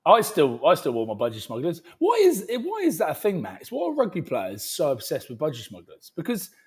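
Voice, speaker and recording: Husky-voiced man telling joking stories. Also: fairly high pitch, huge pitch swings, a little fast. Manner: joking, banter-heavy storytelling. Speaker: podcast co-host. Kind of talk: casual chat.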